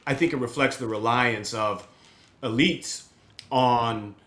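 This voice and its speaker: A man's voice: mid-range voice, slow pace, fairly bright tone. A man hosting a podcast interview, rambling and hesitant, chuckling as he talks. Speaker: podcast host. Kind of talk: casual interview talk.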